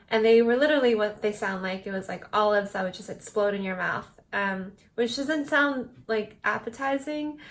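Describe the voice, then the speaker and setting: A woman's voice: medium pitch, a bit bright. A young woman casually vlogging about her travels, chatting with plenty of fillers as she talks to the camera. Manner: chatty, lots of likes and ums. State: out of breath from walking uphill.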